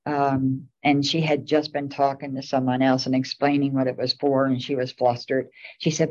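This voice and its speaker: A woman's voice: very deep voice, flat delivery, normal speed, few pauses, a little mellow. A middle-aged woman and town commissioner, rambling through casual anecdotes at a meeting. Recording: dull lo-fi meeting recording.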